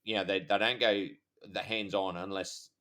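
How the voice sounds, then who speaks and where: A man's voice: low voice, level tone, normal speed, bright, forceful tone. An Australian man co-hosting a podcast, a police officer chatting hesitantly with many ums. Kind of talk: casual chat.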